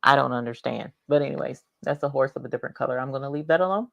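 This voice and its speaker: A woman hosting a casual craft livestream, chatting and greeting viewers by name with drawn-out exclamations. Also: extremely low pitch, gravelly, no echo.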